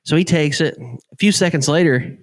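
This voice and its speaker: A man's voice: a little high, moderate pace. A man telling stories in casual podcast chat, acting out the people in them and swearing casually. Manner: animated storyteller, swears casually; acts out the people in his stories.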